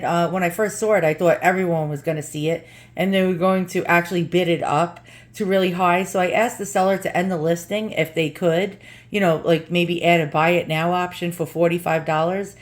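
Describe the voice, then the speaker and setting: A woman with a New York accent, chatting casually and bluntly through an unboxing, joking and swearing now and then. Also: lowish voice. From New York, USA. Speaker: vlogger.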